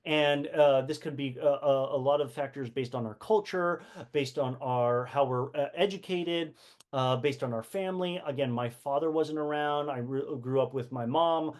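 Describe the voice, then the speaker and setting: This man speaks at a normal speed and medium pitch while hosting a casual community book talk on live stream. Fillers, restarts and rhetorical questions run throughout.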